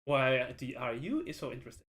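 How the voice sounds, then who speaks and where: A man's voice: mid-range voice, animated, moderate pace, a bit bright. A man co-hosting a casual movie podcast, making dry teasing remarks. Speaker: podcast co-host. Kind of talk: casual chat.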